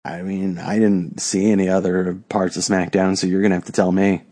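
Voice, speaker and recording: A man's voice: deep voice, flat delivery, brisk, mellow. A young man co-hosting a podcast in casual chat, ranting with lots of profanity and exasperation. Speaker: podcast co-host.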